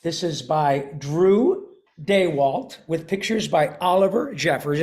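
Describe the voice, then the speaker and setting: An older man, a voice actor, has a fairly high pitch and a darkish tone. He reads a picture book aloud and chats with a class of children on a video call, clearing his throat periodically.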